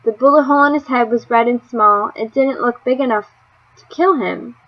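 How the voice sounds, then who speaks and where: High-voiced woman reading a storybook. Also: lo-fi sound. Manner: measured, expressive reading. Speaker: audiobook reader. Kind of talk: storybook narration.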